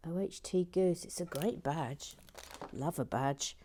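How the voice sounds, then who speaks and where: A woman hosting a LEGO building channel, chatting casually and playfully as she builds and reads out viewer messages, often dropping into soft whispers and muttering to herself. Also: lowish voice, expressive, measured pace, a little hiss or hum. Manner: hums and mutters while working.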